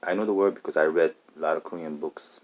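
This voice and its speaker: A man in a casual monologue, talking haltingly and often restarting and repeating his words. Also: rumbling low, fairly even intonation, a little mellow.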